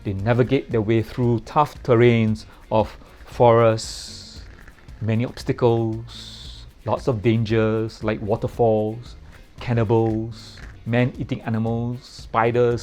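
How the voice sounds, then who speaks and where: Guy reviewing a movie, jokey, repeats stuff for laughs, soft music under it. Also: medium pitch, little pitch movement, slow pace. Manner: playful, repeats words for comic emphasis. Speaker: film reviewer. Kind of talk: casual spoken film review.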